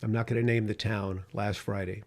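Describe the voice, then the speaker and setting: A man's voice: fairly low pitch, flat delivery, a little fast, a little mellow. A middle-aged man, a radio talk host, giving an impassioned, emphatic podcast monologue.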